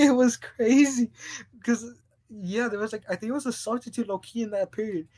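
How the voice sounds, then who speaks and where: A man's voice: very high voice, normal speed, warm tone. A man co-hosting a podcast in casual chat, telling a story in a rambling way, stumbling over restarts and laughing often. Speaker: podcast co-host.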